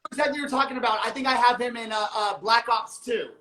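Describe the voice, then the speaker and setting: A man's voice: very high-pitched, fast, a loud crowd. A man hosting a casual podcast, chatting with his guest and jumping in eagerly. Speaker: podcast host.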